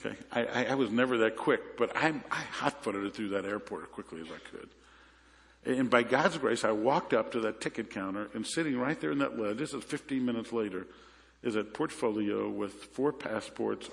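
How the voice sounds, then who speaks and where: A man's voice: lowish voice, vocal fry, big-room sound, a little hiss or hum. A man preaching a sermon as pastor, telling stories in a conversational way with frequent restarts. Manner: conversational storytelling with repeated restarts.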